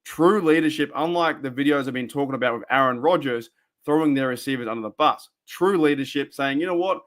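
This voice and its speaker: A man with an Australian accent hosting a casual fan live stream, rambling excitably and answering his chat viewers. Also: mid-range voice, a little fast. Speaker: fan podcast host. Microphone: desk microphone for a live stream.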